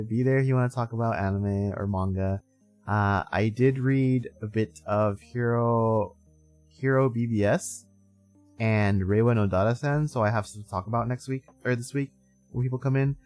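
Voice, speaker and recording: A man's voice: mid-range voice, a little mellow. A man in his twenties hosting a live stream, chatting casually, sleepy and rambling with frequent laughs. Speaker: streamer host.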